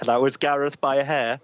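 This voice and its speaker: A man with a Northern English accent runs a relaxed podcast quiz. He speaks at an unhurried, measured pace with a middle-pitched voice. He reads each clue out carefully and chuckles along the way. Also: no room sound, highs cut off. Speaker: podcast quizmaster.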